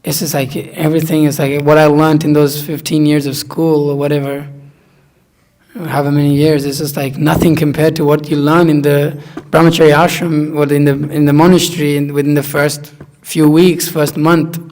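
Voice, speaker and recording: A young man in casual conversation, telling animated stories and acting out his friends' voices. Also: a little high, normal speed.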